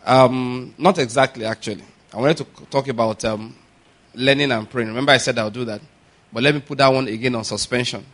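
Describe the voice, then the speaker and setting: A male pastor giving a sermon, asking the congregation questions, having them repeat after him, and rising to loud, emphatic preaching. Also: mid-range voice.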